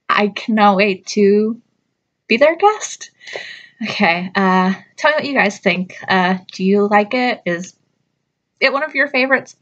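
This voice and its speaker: A woman vlogger chatting casually while reacting to a movie trailer, gushing and excitable. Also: mid-range voice, lo-fi sound.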